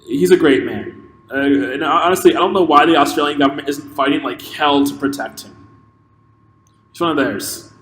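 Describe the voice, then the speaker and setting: A man's voice: a little high, moderate pace, a bit bright. A man hosting a podcast, giving an impassioned solo opinion monologue that halts and restarts as he thinks aloud. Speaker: podcast host. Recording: echoey room with long reverb and faint noise.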